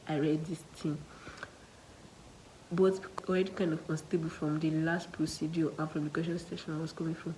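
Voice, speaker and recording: A young woman with a Nigerian accent, chatting to her vlog audience about her day. Her voice sits a little low for a woman, and she tells the story in a lively, animated way. She drops in local slang as she talks. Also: moderate pace, a little hiss or hum, poor audio. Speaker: student nurse vlogger. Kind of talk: casual storytelling to camera.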